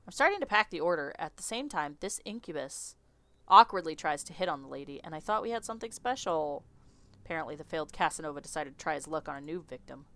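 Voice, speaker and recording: A woman streamer reading a visual novel aloud in an animated, chatty way, often laughing. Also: sits low, fast, dry recording.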